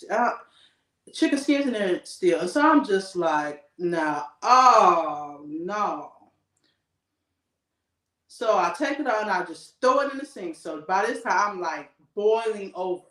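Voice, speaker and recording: Animated woman storytelling in echoey room. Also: mid-range voice, recorded from a distance. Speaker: podcast co-host. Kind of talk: casual podcast chat.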